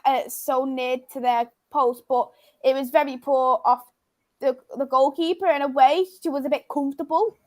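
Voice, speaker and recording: A woman's voice: sits high, steady tone, moderate pace. A woman co-hosting a football watchalong, reading viewer comments aloud and chatting casually with brief agreeing replies. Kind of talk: casual live-stream chat.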